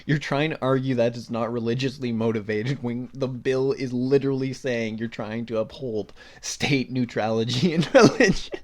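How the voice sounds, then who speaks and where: A man's voice: mid-range voice, fairly even intonation, moderate pace, hardly any pauses, darkish tone. A young man hosting a solo podcast, reading news items aloud and breaking off into blunt, sarcastic rants with swearing. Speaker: podcast host.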